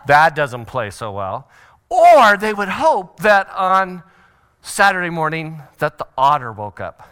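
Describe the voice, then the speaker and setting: A middle-aged man teaching a parenting seminar at church, animated and acting out family scenes with sudden shouted voices. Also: fairly high pitch, measured pace, clear, resonant tone.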